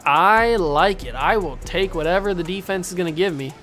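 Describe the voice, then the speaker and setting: Excitable high-voiced man calling game plays. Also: moderate pace, faint music behind. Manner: excitable, yells at his players, then blames himself. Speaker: gaming YouTuber playing a basketball video game. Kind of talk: casual live gameplay commentary.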